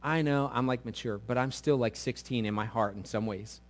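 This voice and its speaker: Delivering a sermon, a middle-aged pastor tells a story with a little fast pace. His voice rises to big, loud peaks and drops into quiet, intimate lows.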